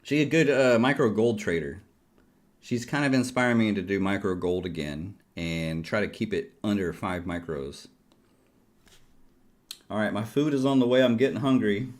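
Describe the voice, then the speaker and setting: A middle-aged futures trader chats casually on a livestream, talking straight to his viewers in a rambling, jokey, self-deprecating way. His voice is on the low side, at normal speed.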